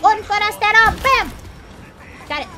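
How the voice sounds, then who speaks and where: A woman's voice: extremely high pitch, lively intonation, moderate pace, sharp tone, a little hiss or hum. A woman streaming a horror game, chatting casually, panicky and jokey, bursting into shrieks and laughter. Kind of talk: casual gameplay commentary.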